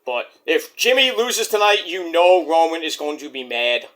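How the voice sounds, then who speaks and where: Young man, higher voice, animated delivery, casual profane chat. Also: normal speed. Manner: loose and profane, does voices of wrestlers. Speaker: wrestling predictions vlogger.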